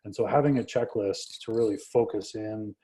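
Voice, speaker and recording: A man speaking as a guest on a webinar panel over a video call, relaxed, filling with "you know" and repeated words. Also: fairly low pitch, normal speed, low-quality recording. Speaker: guest panelist, museum digital head. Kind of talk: casual panel talk.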